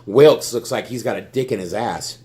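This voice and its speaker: A young sports fan vlogger rants angrily about his team, cursing nonstop and stammering as he repeats words when worked up. His voice is fairly low and a little mellow, at a moderate pace.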